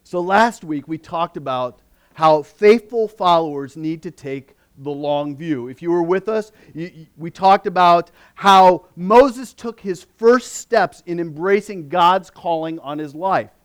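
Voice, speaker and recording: A man delivering a sermon as a pastor, his voice sitting high for a man. He preaches expressively, pressing hard on key phrases and dropping to near-quiet asides. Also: measured pace, smooth. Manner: expressive preaching, swings between emphatic and hushed.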